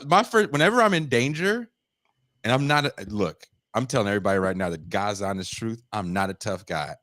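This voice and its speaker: A man's voice: mid-range voice, no room sound, clean studio sound. A man co-hosting a podcast, telling a story in casual chat and acting out the people in it with raised voices. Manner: animated, acts out quotes in raised voices. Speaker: podcast co-host.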